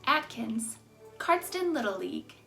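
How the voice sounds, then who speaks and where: A woman host with a high, bright voice reads the closing thanks and a long list of sponsors. Her delivery is upbeat and scripted, and faint music plays underneath. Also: big pitch swings, unhurried, vocal fry. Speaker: show host. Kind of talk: scripted announcement.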